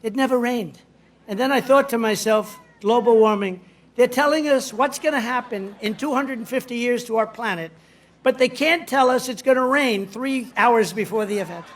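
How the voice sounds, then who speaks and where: A man's voice: very high voice, normal speed, a little hiss or hum. A man giving a rally speech in a rambling, boastful, digressive way. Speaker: politician addressing a rally.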